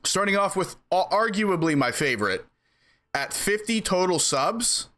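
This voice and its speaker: A man streaming, chatting casually with his viewers in an animated way and laughing between sentences. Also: sits high, a little slow, soft background music. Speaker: game streamer.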